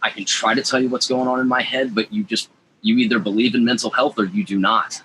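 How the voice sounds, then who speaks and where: A man's voice: medium pitch, steady tone, fast talker, bright, forceful tone, a little hiss or hum, poor audio. A man, a podcast guest, talking casually and emphatically. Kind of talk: casual chat.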